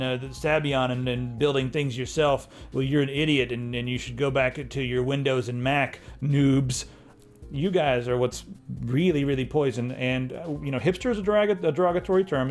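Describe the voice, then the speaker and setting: A man's voice: mid-range voice, a little mellow. A man co-hosting a casual tech discussion, ranting and critical, with frequent restarts. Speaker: co-host.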